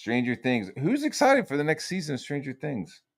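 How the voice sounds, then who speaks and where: A man streaming casual commentary, rambling and profane, swinging between loud rants and low mutters. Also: wildly swooping pitch, brisk.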